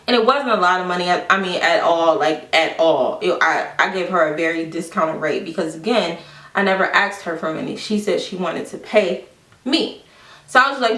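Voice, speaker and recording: A woman vlogger casually telling a personal story to the camera, quoting people with lively, exaggerated voices. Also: mid-range voice, normal speed. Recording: echoey room, mic at a distance.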